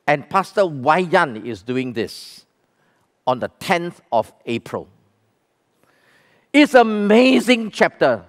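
A man with a Malaysian English accent preaching a sermon as pastor to a church congregation, emphatic and full of questions to the people. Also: on the high side. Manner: emphatic, asks questions and calls the congregation to respond.

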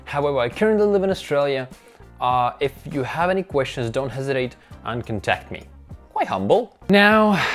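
A man whose first language is Russian, talking through a walkthrough in a casual, playful, self-mocking way. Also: mid-range voice. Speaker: vlogger. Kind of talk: casual screen-recording walkthrough.

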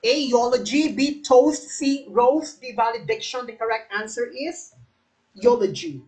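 A woman's voice: a little high, a little slow, a little mellow, poor audio. A Filipino woman coaching a live exam review, quizzing viewers, repeating each question and calling on them by name, sometimes switching into Tagalog. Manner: switches between English and Tagalog.

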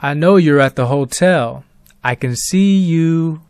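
A man voicing an eerie male voice on a phone line that speaks slowly and calmly, with a menacing, knowing tone. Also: a little high, smooth, dry recording, studio quality.

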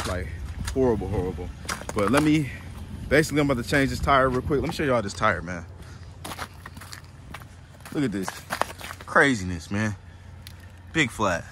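A man telling a story to camera in a casual vlog, animated and exasperated, full of slang. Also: medium pitch, background noise. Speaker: used car dealer vlogger.

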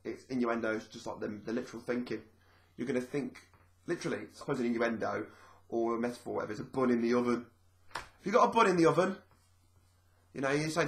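A man's voice: medium pitch, fast, gravelly, fairly bright tone. A man talking casually to camera in a vlog, rambling a little and repeating his phrases as he explains things. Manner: chatty and rambling, repeats phrases, acts out quoted speech. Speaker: vlogger.

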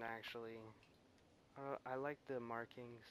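A man's voice: medium pitch, a little slow, fairly bright tone. A young man rambling casually and self-deprecatingly while playing a video game at home. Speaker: gamer.

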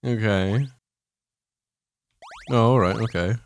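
A man's voice: lowish voice, slow pace, a little hiss or hum. A man playing a co-op game with friends over voice chat, laughing constantly and swearing as he talks. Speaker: gamer. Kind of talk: casual gaming banter.

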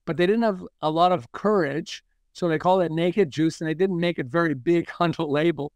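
A man's voice: a little high, moderate pace, darkish tone, clean tone, no room sound. A man, a marketing consultant, telling anecdotes in a casual interview and chuckling often.

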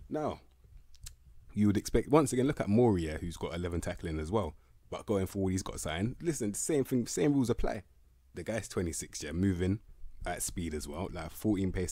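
Slangy young man, deep, dry sound. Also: dark tone, no room sound. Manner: slangy, blunt, laughing, repeats "bruv" and "can't lie". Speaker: game content creator. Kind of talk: casual commentary reviewing player ratings.

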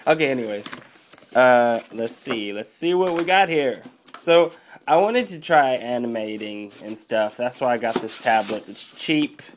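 A young man ambles through a goofy unboxing at a slow, unhurried pace, his voice sitting at an ordinary middle pitch. He jokes, curses and leans on ums while handling the box. A faint background noise hangs under the camera mic. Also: animated. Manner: playful, swears, mock-panics, trails off with fillers. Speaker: vlogger unboxing a drawing tablet. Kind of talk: joking casual unboxing vlog.

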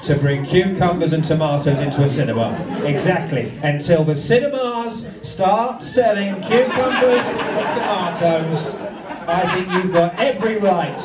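A man's voice: sits high, heavy background noise. A male comedian doing crowd work, teasing audience members in a playful, mock-formal way. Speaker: stand-up comedian. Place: comedy venue with live audience. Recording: echoey room, distant mic, loud crowd.

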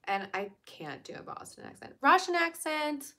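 A woman's voice: high voice, big pitch swings, moderate pace, pushed and bright. A young woman from Virginia, chatting casually on a livestream, laughing often and answering viewer comments. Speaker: livestream host.

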